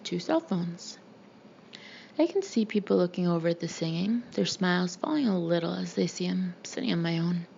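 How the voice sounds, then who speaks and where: Gravelly-voiced woman reading an audiobook. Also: lowish voice, expressive, normal speed, darkish tone, highs cut off, slight background noise. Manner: reads first-person narration with light character voicing. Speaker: audiobook reader. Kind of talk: audiobook narration with character voices.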